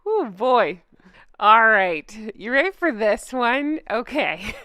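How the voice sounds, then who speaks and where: High, lively, sarcastic woman commentator. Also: drawn-out words, pauses often, no room sound, studio quality. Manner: sarcastic, laughs often. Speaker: YouTube commentary host. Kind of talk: casual commentary reading comments aloud.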